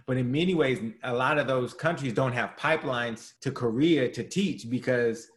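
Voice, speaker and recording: A man who works with undergraduates, talking in a relaxed, reflective way with casual slang. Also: mid-range voice, moderate pace. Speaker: university staff working with undergrads. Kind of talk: casual conversation.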